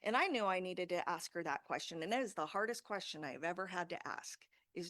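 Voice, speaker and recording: A woman's voice: on the low side, animated, brisk, fairly bright tone, no room sound, studio quality. A woman in her thirties giving an informal presentation to a group, talking casually and conversationally with frequent fillers. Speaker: safety talk presenter.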